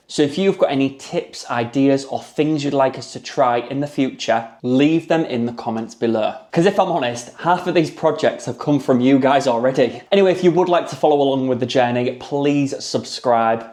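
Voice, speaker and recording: A man's voice: mid-range voice, darkish tone. A man vlogging about his home garden and baking, talking to camera in an earnest, chatty, self-mocking way. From Yorkshire, England. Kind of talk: casual vlog talk to camera.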